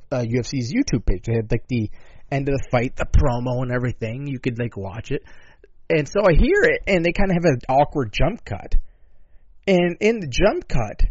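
A man's voice: mid-range voice, a little mellow, dry recording. A man hosting a talk show who rambles in a sarcastic, profane way, with many asides and swearing. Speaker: podcast host. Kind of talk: casual profane commentary. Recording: dull lo-fi dry sound.

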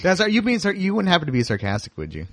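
Opinionated podcast host, slightly high voice. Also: male voice, huge pitch swings, very fast, fairly bright tone, no room sound. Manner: opinionated, explaining with frequent restarts. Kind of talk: casual chat.

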